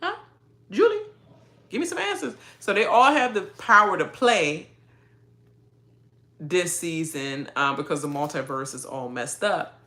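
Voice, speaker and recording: Sassy, animated woman ranting about reality TV. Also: low-pitched. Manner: sassy, animated, laughs often. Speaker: reality TV reaction vlogger. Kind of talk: casual reaction rant.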